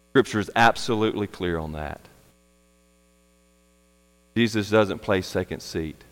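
A man's voice: mid-range voice, big-room sound. A man preaching a sermon, earnest and emphatic, repeating his key phrases for weight.

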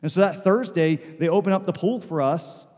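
A man's voice: high voice, moderate pace, a little mellow, slightly rough. A male pastor telling stories in a loose, conversational sermon before his congregation. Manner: conversational, loose storytelling with frequent "like". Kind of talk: storytelling sermon. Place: church sanctuary before a congregation. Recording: long church hall reverb.

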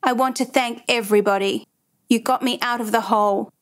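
A woman's voice: a little high, steady tone, fairly quick, natural voice. A woman voicing a young man just freed from captivity, who speaks plainly and with feeling. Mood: grateful. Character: young man just rescued, relieved and grateful.

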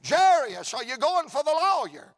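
A man voicing a curious passerby who keeps asking questions in a high, insistent voice. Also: big pitch swings, moderate pace, no room sound, clean studio sound. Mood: questioning. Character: curious adult male passerby, eager and questioning.

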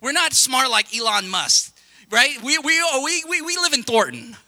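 A young male pastor gives an animated sermon that is full of asides to the congregation. His voice sits very high for a man and sounds bright and sharp. The sound is close and dry. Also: dry recording. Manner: animated, conversational preaching with quick asides to the congregation.

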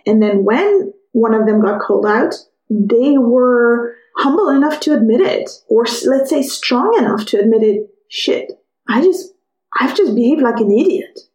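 A woman with a fairly high voice tells a personal story on her podcast. She is lively and acts out what other people said. Her voice sounds echoey, as if she is in a bare room. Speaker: podcast host.

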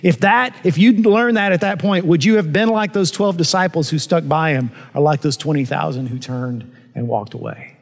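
A man preaching in a large church hall, his slightly high voice carrying a long, ringing reverb. He speaks earnestly, pushing some phrases up with emphasis and dropping others into quiet asides. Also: normal speed, creaky, few pauses. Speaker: pastor. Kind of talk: sermon.

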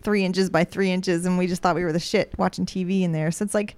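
A woman's voice: lowish voice, fairly even intonation, fast, darkish tone, dry recording. A woman in her thirties co-hosting a podcast, chatting casually and laughing often as she tells stories. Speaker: podcast co-host. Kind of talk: casual chat.

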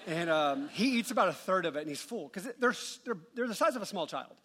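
A middle-aged male pastor telling a humorous family story in a sermon, in a relaxed conversational way. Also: high voice, quick pace, husky. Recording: long reverb of a large church hall.

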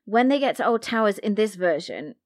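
A woman's voice: mid-range voice, animated, a little fast. A woman hosting a podcast, chatting about a book and its adaptations in an amused, analytical way. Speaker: podcast host. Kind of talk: casual book discussion.

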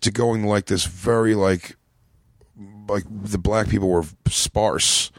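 Animated man telling a rambling story. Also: on the low side, takes it slowly, vocal fry, no echo, clean studio sound. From Philadelphia. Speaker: comedian guest. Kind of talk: casual storytelling chat.

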